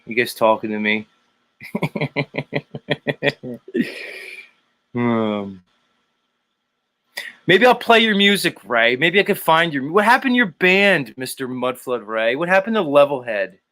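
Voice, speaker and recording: A man's voice: mid-range voice, very animated, slow, pauses often, pushed and bright. A man hosting a livestream in casual chat, laughing often, swearing and teasing his viewers. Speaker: livestream host. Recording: guitar music playing behind. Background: guitar music.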